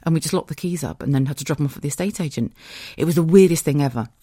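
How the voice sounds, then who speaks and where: A woman's voice: low-pitched, very fast, mellow, husky, no echo, studio quality. A woman in her thirties with a British accent, hosting a podcast as a casual, rambling monologue and swearing freely. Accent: British English. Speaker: podcast host.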